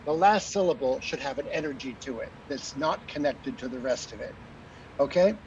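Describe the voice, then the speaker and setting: A man's voice: medium pitch, animated, moderate pace, darkish tone, slight background noise. A man coaching an opera singer after her aria, chatty, with fillers, singing short phrases to show what he means. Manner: chatty, sings phrases to demonstrate, many fillers. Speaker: opera coach on a master class panel. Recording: dull lo-fi recording.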